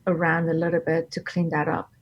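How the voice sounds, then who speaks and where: A woman instructor giving live design critique, with encouraging, gently directive feedback. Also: sits low, monotone, a little fast, highs cut off.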